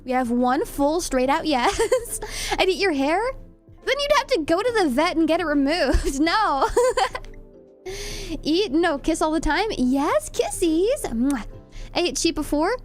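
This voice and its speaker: Giggly high-voiced young woman streamer. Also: animated, a little slow, soft background music. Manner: giggly, chatty, reads chat aloud. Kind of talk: casual chat with viewers.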